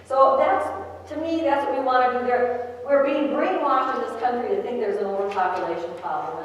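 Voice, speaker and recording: A woman's voice: a little high, slight background noise. An older woman giving a retreat talk in a church hall, chatty and storytelling, laughing at her own jokes. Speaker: retreat speaker. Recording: echoey hall, far from mic, dull.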